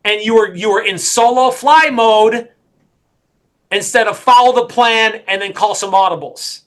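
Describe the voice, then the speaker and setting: Energetic bright-voiced male sales coach. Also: high voice, measured pace. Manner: energetic, emphatic, repetitive. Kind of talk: coaching session.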